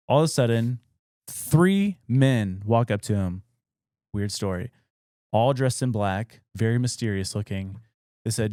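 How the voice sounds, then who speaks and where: A man's voice: lowish voice, unhurried, a little mellow, no room sound, studio quality. A young adult man, a podcast co-host, casually retelling a spooky old story with loose fillers and quoted dialogue.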